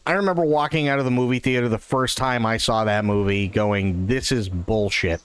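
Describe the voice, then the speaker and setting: A man live-streaming a game, chatting casually and telling jokes in a profane, expressive way into a close microphone. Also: mid-range voice, brisk, clear, resonant tone, no room sound, soft background music.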